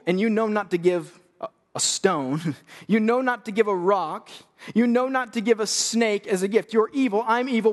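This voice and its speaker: Youthful male preacher, unusually high pitch, lively and jokey, big room echo. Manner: energetic, joking, conversational. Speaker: youth pastor. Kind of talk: sermon. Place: church stage. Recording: long hall reverb.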